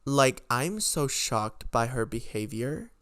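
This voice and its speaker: A young man rants through a casual storytime, piling on fillers and curses as his disbelief spills out. His voice sits at a middling pitch and comes across smooth and clear. The recording is dry and close. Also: animated, slow pace, fairly bright tone, dry recording. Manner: rambling, heavy filler words, frequent swearing; exasperated, incredulous. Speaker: podcast host.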